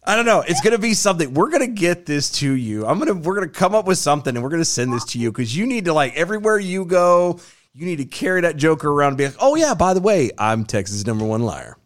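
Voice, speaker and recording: Brief: joking male co-host with a bright lively pitch. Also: fast talker. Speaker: podcast co-host. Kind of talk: casual podcast chat.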